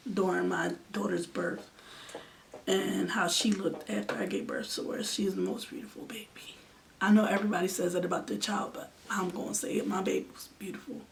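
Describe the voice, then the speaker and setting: A woman's voice: mid-range voice, fairly even intonation, moderate pace, gravelly. A woman in her twenties telling an emotional storytime in an earnest way, sometimes sinking to a near-whisper. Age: 20s. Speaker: vlogger. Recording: distant mic with faint background noise.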